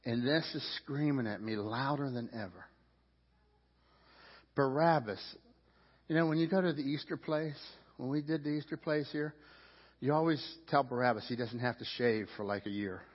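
A male pastor preaching a sermon, swinging his pitch and loudness and acting out the voices of a crowd. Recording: dull lo-fi sound with long reverb in a hall.

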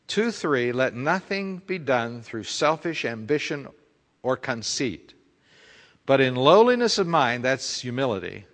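A man's voice: medium pitch, fairly bright tone, long reverb tail. A male pastor preaching a conversational sermon full of rhetorical questions.

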